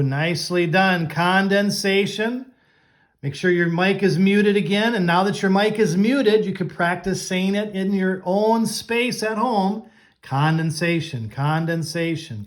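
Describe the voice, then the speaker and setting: Coaching students in an online lesson, this male teacher pronounces every vocabulary word slowly and distinctly, drawing each one out. His voice sits high.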